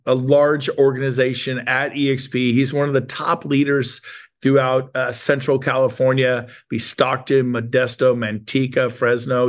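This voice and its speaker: Man, 50s, gravelly, sales meeting host, emphatic, emotional, motivational. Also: medium pitch. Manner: emphatic and emotional, praises guests. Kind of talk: motivational talk.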